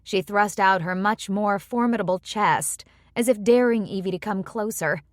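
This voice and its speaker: A woman narrating a first-person romance audiobook with an even storytelling delivery. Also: medium pitch, moderate pace, dry recording, studio quality.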